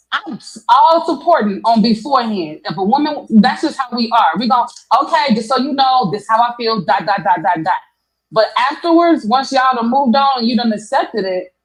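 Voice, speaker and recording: A woman's voice: a little high, poor audio. A woman on a podcast panel, giving direct advice in casual debate.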